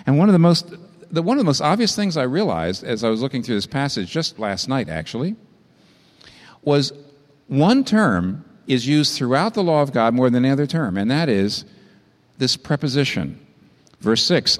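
Man preaching, lively swooping pitch, impassioned, long hall reverb. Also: normal speed. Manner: impassioned, rising to high emphatic peaks then dropping low. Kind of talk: sermon.

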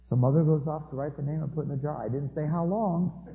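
A man's voice: on the high side, fast, creaky, warm tone. A man giving a conversational sermon, telling stories with humorous asides. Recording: dull recording with long hall reverb.

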